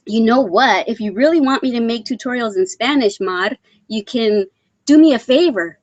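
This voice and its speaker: A middle-aged woman from Texas hosting a casual live crochet stream, chatting and reading comments aloud, with frequent ums and throat clearing. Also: on the high side, no echo. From San Antonio, Texas. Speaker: crochet channel host reading live chat.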